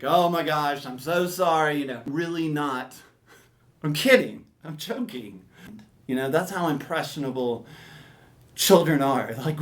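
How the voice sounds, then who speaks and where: A man from Alabama telling a comic story as a podcast host, animated and swinging from mumbled to shouted. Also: medium pitch.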